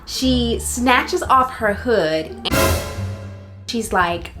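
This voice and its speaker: A young woman casually telling a personal story for her vlog, chatty and animated, with many fillers. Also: on the high side, takes it slowly. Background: faint background music.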